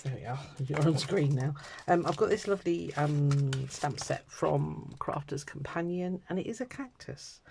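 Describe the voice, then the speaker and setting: A middle-aged British woman with a croaky throat, chatting and rambling casually while she stamps and colours a card. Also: deep voice, a little mellow, slight background noise. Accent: British English. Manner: chatty and rambling, many ums and asides. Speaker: craft vlogger.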